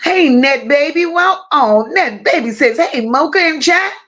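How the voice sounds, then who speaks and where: A woman hosting a casual livestream, greeting her chat one by one with drawling, affectionate shout-outs. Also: high voice, animated, measured pace. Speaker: livestream host.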